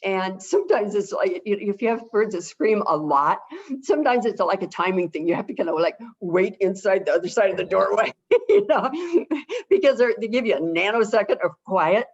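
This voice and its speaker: A woman answering viewer questions as an expert guest on a webinar, chatty and animated, often acting out how to talk to birds. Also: medium pitch, fairly quick. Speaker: avian behavior consultant, guest expert. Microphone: video call. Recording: dull lo-fi webinar audio.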